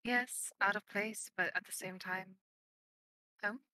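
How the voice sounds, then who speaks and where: A woman player narrating her own character in a tabletop game, earnest and slightly halting, recorded dry and close. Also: medium pitch, steady tone, pushed and bright, no echo, low-quality recording.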